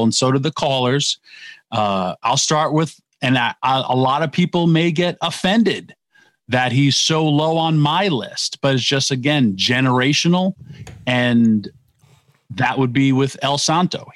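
A man's voice: medium pitch, expressive, normal speed, a bit bright, no room sound. Rambling man on dry-sounding radio. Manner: rambling, self-correcting, casual. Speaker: radio co-host, former wrestler. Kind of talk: sports talk radio.

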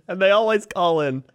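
A man's voice: high voice, clear, resonant tone, no echo. A man co-hosting a casual chat, laughing often and slipping into mock voices. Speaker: podcast co-host.

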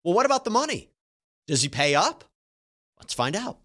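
A man's voice: high-pitched, sing-song, normal speed, noisy background. A man hosting legal news, explaining trial testimony emphatically. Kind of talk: trial analysis commentary.

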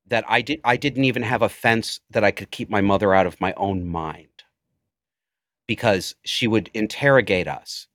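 A man's voice: on the low side, normal speed, fairly bright tone, dry recording, studio quality. A man in his forties, a podcast guest, speaking intensely and emotionally about his life. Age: 40s. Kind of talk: personal storytelling in interview.

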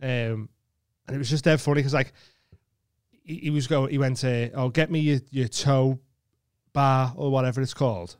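Telling a story on the podcast he co-hosts, an Englishman speaks at a medium pitch and moderate pace, pausing often, his voice smooth. The casual chat is animated, with laughs and plenty of swearing. The studio-quality audio has no echo.

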